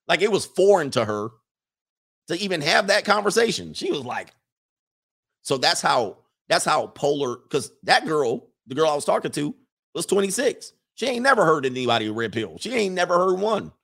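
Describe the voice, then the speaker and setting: A man's voice: on the high side, big pitch swings, a little fast, gravelly, fairly bright tone. A man hosting a casual livestream, talking emphatically with many fillers and restarts and reading chat comments aloud.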